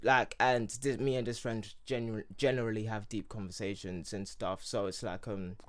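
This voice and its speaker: Speaking at normal speed in a flat, fairly low voice, a young Nigerian man of Yoruba heritage with an English accent rambles casually as a podcast co-host, peppering his talk with fillers.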